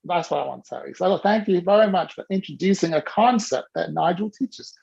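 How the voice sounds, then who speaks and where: A woman hosts a casual workshop over a video call, teasing her guests in a playful, animated way. Her voice is gravelly and husky. The audio comes through muffled and dull. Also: fairly low pitch, brisk. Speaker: host and coach.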